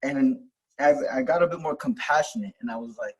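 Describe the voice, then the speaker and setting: A man's voice: medium pitch, brisk, hardly any pauses, breathy edge, low-quality recording. A young man telling a personal story in casual, rambling talk, full of fillers, restarts and swearing, as host of a self-help video.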